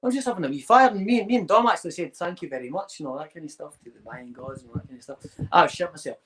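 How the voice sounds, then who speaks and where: A podcast host with a slightly high voice talks rapid-fire through a long anecdote in casual chat. He swears freely and animatedly acts out the people in the story with quoted lines.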